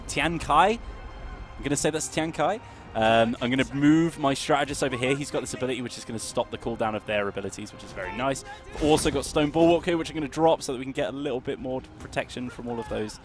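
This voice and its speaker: A young man giving rapid, excitable live commentary on his strategy game, with self-mocking asides. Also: medium pitch, faint music behind. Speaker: streamer playing a strategy game.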